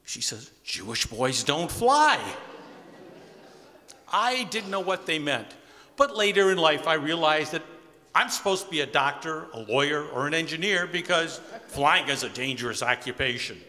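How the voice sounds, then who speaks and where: A man's voice: a little high, animated, normal speed, pushed and bright. A man in his sixties telling a personal story to a live audience in an easygoing, wry, conversational way. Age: 60s. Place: community center hall with audience. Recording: long hall reverb.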